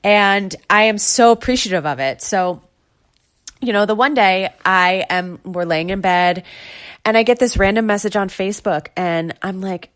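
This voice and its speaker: A woman's voice: medium pitch, moderate pace, fairly bright tone, smooth. A woman in her thirties from New York hosting her own podcast, chatting and gushing as she retells stories. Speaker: podcast host. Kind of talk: casual solo podcast chat.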